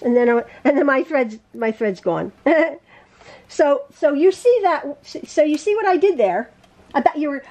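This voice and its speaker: A woman teaching a quilting lesson in her home sewing room, chatty and quick to laugh at and correct her own mistakes. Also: high-pitched, darkish tone. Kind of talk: casual sewing tutorial.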